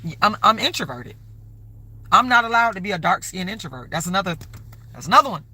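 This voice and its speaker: A woman hosts a live stream in a husky, bright, forceful voice of medium pitch, sing-song and quick. She rambles casually and conversationally, stopping often to plug donations.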